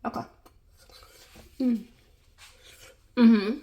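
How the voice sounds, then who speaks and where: Woman vlogger, slow and chatty, demoing a home recipe, lots of "y'all". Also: a little high, muffled recording. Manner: chatty, repeats words, laughs, says "y'all". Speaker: cooking vlogger. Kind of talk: casual cooking video.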